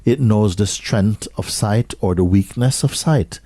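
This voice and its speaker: A man speaks as a spiritual teacher to an audience in a low, husky voice. He talks slowly and questioningly, repeating short phrases and sometimes sinking to a near-whisper. The sound is dry and close. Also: mellow, dry recording.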